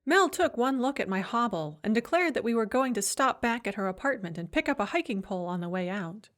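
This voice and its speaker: Brief: female audiobook narrator, wry and dry, voice a bit higher than average. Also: expressive, fairly quick, a bit bright. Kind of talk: scripted first-person audiobook narration.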